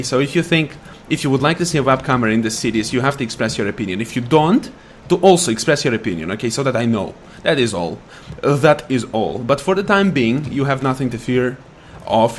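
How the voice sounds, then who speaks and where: Man, gameplay commentary, sarcastic rants, mid pitch, faint background hum. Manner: ranting, sarcastic, taunts enemies. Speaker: gaming YouTuber.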